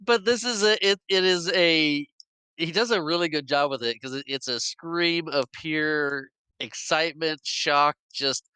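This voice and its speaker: A man co-hosting a podcast, chatting about a movie in a giggly, halting way with many restarts. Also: on the high side, sharp tone, smooth, no room sound. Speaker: podcast co-host. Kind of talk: casual movie recap chat.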